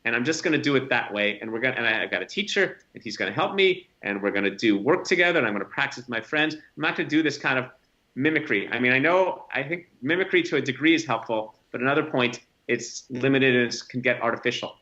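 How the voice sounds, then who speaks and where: A man's voice: mid-range voice, animated, quick pace, bright, forceful tone, highs cut off. A man talking as a podcast guest, thinking aloud in a reflective, rambling way with frequent restarts. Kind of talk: casual podcast conversation.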